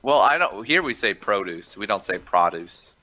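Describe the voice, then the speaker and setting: A man's voice: on the low side, very animated, normal speed, pushed and bright, rough recording. A man joining a game session as a co-player, chatting casually and joking around. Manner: joking, playful. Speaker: co-player, guest. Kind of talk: casual gaming chat.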